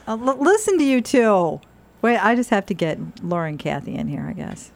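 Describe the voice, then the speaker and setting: A woman's voice: medium pitch, very animated, brisk, vocal fry, a little mellow. A woman co-hosting a morning radio show, bubbly and teasing, who sings along with songs. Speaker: radio co-host. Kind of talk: playful morning radio banter.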